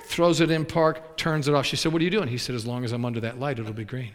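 A man preaching, telling folksy stories with lively acted quotes. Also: mid-range voice, fast, long reverb tail. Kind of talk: storytelling sermon.

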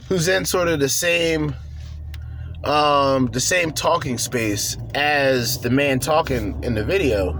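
A man's voice: mid-range voice, takes it slowly, a bit bright, slight background noise. A man hosting a podcast, ranting bluntly and profanely in slangy talk from his car. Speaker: podcast host.

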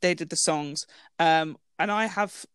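A woman co-hosting a casual film review chat, giggly and full of quick asides. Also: deep voice, fairly bright tone, clear, resonant tone, no room sound, clean studio sound. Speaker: podcast co-host.

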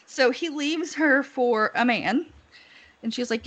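A woman's voice: sits high, takes it slowly, a bit bright. A woman casually chatting as a podcast co-host, laughing often as she retells what she has heard. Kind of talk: casual chat.

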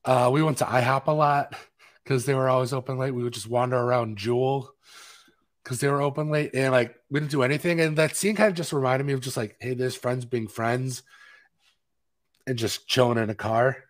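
A man's voice: mid-range voice, fairly even intonation, fairly quick. A man co-hosting a live film podcast in a casual, rambling chat full of fillers. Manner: rambling, chatty, with many fillers. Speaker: podcast co-host.

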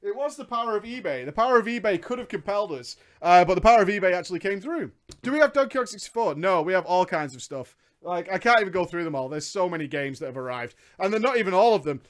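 High-voiced excitable streamer. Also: male voice, fast talker, few pauses. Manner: excitable, swears freely, rants in bursts. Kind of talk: casual live-stream chat.

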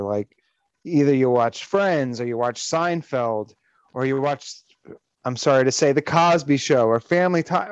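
A man's voice: a little high, dry recording, dull audio. A man hosting a casual podcast chat, ranting animatedly and profanely with frequent restarts. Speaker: podcast host.

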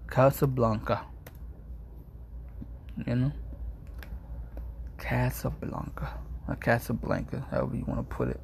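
A man's voice: mid-range voice, sing-song, a little slow, gravelly, long pauses, darkish tone, slight background noise. A man chatting casually to his viewers, rambling and easily distracted, full of slang and amused asides. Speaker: streamer reading reviews to viewers. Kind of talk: casual chat.

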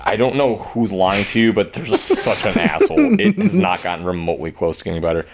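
A man's voice: lowish voice, very animated, fairly quick, a loud crowd. A young man hosting a podcast, joking and teasing his co-hosts in crude casual chat. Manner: joking, teasing, laughs often. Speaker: podcast host.

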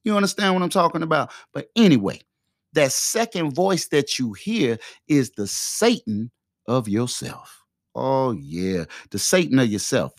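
A man's voice: mid-range voice, sing-song, unhurried, no echo. A man hosting a podcast with a fervent, preachy motivational monologue, speaking into a close microphone. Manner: fervent, preachy, repetitive exhortations. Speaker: podcast host. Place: quiet room.

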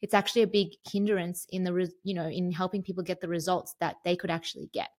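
A young woman with a lowish voice chats candidly as a podcast co-host. She talks freely and openly, and drifts off on tangents. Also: level tone, quick pace, darkish tone. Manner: chatty, candid, tangent-prone. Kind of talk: casual chat.

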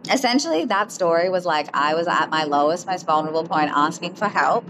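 A woman hosting a podcast, telling personal stories in an emotional, animated way, full of fillers. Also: fairly low pitch, brisk, noisy background. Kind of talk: casual storytelling.

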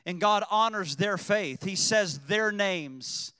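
Guy preaching a sermon, bright sharp voice, dry close sound, gets loud and shouty. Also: high voice, slow, clear, resonant tone, no room sound, in a large hall. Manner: preaching with surges to shouting emphasis. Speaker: pastor.

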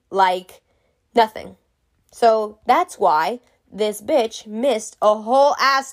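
A woman's voice: fairly high pitch, takes it slowly. Profane, jokey woman telling a story. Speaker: vlogger. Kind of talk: casual storytelling to camera.

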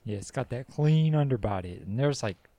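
A man's voice: medium pitch, animated, normal speed, warm tone. A man co-hosting a casual podcast, easygoing and agreeable, with a lot of filler words. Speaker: podcast co-host. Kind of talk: casual chat.

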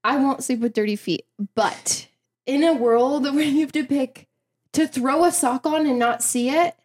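A woman's voice: sits high, a little slow, a little mellow. A young woman co-hosting a podcast in casual chat, rambling with lots of fillers as she explains. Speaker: podcast co-host.

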